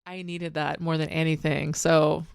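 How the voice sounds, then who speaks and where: Gravelly-voiced woman podcast host. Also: low-pitched, little pitch movement, measured pace, no echo, clean studio sound. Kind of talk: casual interview chat.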